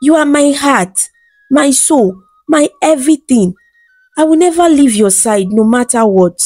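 A woman's voice: high-pitched, expressive, measured pace, darkish tone, no echo, soft background music, voice pushed up. A woman voicing a tender, devoted young husband. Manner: earnest, loving.

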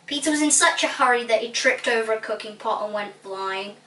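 Bright-voiced woman reading a storybook aloud. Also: a little high, fairly quick, few pauses. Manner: lively, playful, relishing funny words. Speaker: storybook reader. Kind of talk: expressive children's book reading. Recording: roomy echo, distant mic.

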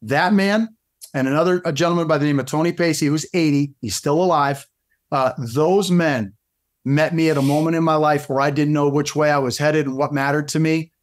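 A middle-aged man with a slightly high voice, telling stories on a podcast as a guest fitness coach. He talks animatedly, jumping back and restarting his sentences as the story runs on. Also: a little fast. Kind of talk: casual storytelling interview.

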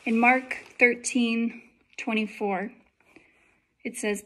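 A young woman with a somewhat high voice recounts a dream in a loose, chatty way. She fills her talk with likes and ums as she goes. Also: steady tone, a little slow, fairly bright tone. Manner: chatty, many likes and fillers. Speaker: vlogger telling a dream. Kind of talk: casual testimony.

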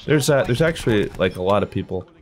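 Lively young man joking through gameplay. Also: fairly low pitch, fast talker. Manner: playful, jokey trash talk, animated outbursts. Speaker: gaming YouTuber. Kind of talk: live gameplay commentary. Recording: game audio with gunfire and music behind.

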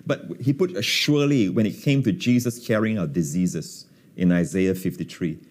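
A man's voice: sits low, animated, moderate pace, mellow. A man teaching scripture as a guest on a talk show, emphatic and fond of repeating key words, with frequent fillers. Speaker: pastor and guest.

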